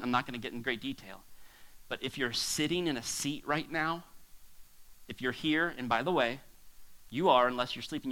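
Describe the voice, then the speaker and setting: A male pastor preaching a sermon to a congregation, swinging between hushed asides and near shouts. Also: mid-range voice, rough recording. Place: church hall with a congregation.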